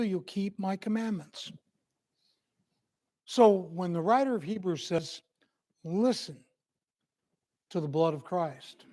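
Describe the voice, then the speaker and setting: Slow, high-voiced male preacher. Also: darkish tone. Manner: earnest, emphatic preaching with acted quotes. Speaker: minister. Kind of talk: sermon. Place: church.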